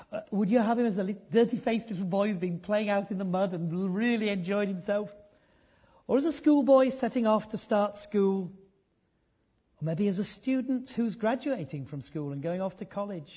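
An older man preaching a sermon, telling a story earnestly, dropping to hushed tones and rising to emphatic points. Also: high voice, husky, highs cut off.

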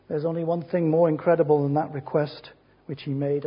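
A man preaching a sermon, emphatic and rhetorical, speaking in short phrases with pauses between them. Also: a little high, level tone, slightly rough. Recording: dull lo-fi sermon recording.

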